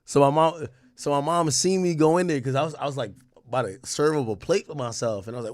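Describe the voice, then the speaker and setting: A streamer tells animated stories to his livestream audience, full of slang and profanity, with his pitch swinging widely. He speaks briskly, and the sound is dry and close with no room sound.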